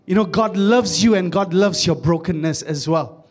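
A man's voice: high voice, moderate pace. Joking, chatty male preacher. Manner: humorous, conversational, repeats words. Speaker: pastor. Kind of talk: sermon.

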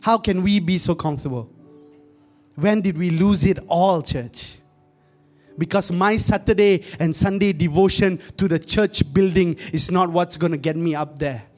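A man's voice: sits high, normal speed, soft background music. A young man preaching a conversational sermon, often calling out to the congregation and joking in asides. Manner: joking, laughs at his own asides.

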